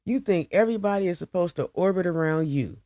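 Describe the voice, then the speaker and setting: A woman's voice: on the low side, quick pace, dark tone, no echo, close to an everyday voice. A woman voicing a cornered young woman who snaps back defensively and resentfully. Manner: performative, snapping, resentful.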